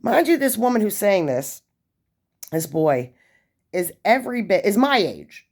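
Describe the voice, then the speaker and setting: A woman's voice: medium pitch, very animated, unhurried, a little mellow. A woman in her forties telling a story in a chatty, casual way, with lots of fillers and asides. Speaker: vlogger sharing prison experiences.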